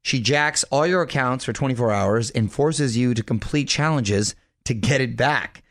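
A man in his forties hosting a radio show with brisk, chatty patter on a studio mic. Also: mid-range voice, a bit bright, dry recording. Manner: brisk, chatty, quick to laugh.

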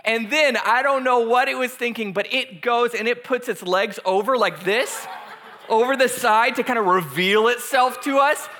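A man in his thirties, a youth pastor telling a lively personal story in a sermon, acting out the screams as he goes. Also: extremely high pitch, normal speed. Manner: animated storyteller, acts out screams.

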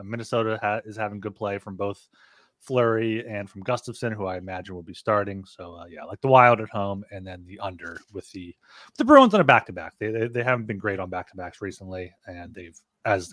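A man's voice: lowish voice, a bit bright, no room sound, clean studio sound. A man co-hosting a hockey betting podcast, walking through odds and records in a rambling way with many fillers. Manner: rambling, filler-heavy, self-correcting. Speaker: podcast co-host. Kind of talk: casual sports betting analysis.

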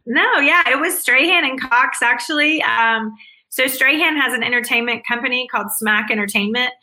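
A woman's voice: high voice, normal speed, bright, forceful tone, poor audio. A woman speaking as an interview guest, answering in an earnest, upbeat way with frequent restarts.

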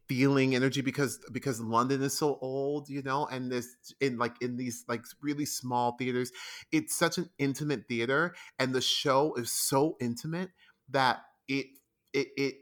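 A man's voice: mid-range voice, fairly even intonation, unhurried. Enthusiastic man rambling in conversation. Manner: enthusiastic, rambling with many restarts and laughs. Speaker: guest, stage actor. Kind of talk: casual interview chat.

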